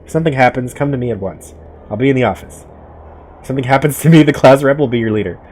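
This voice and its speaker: A man's voice: mid-range voice, fast, darkish tone, pitched above the performer's own voice, close to an everyday voice. A man voicing a stern male teacher who gives orders in a firm, raised voice. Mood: commanding.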